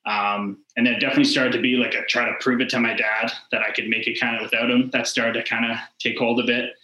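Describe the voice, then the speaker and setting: A young man talks quickly in a bright, forceful voice. He tells his story casually, with plenty of "like" and acted-out dialogue. The room gives it a clear echo. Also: mid-range voice, level tone, dull audio. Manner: rambling, heavy use of "like" and quoted dialogue. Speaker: former hockey player, podcast guest. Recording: echoey room.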